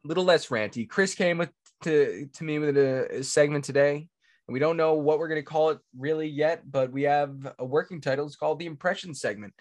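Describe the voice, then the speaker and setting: A man hosting a podcast in relaxed, slangy banter with his co-host. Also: on the high side, fairly quick, dry recording. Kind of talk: casual chat.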